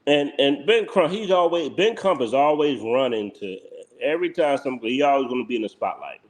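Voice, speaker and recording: A man's voice: medium pitch, lively intonation, a little fast. A man with a Philadelphia accent hosting a live stream, blunt and heated, repeating himself and laughing mockingly.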